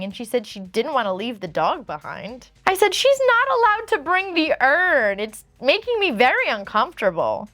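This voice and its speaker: Woman host, higher voice, dry close sound, dramatic reactions to posts. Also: no room sound. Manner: animated, dramatic commentary. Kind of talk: reading and reacting to online posts.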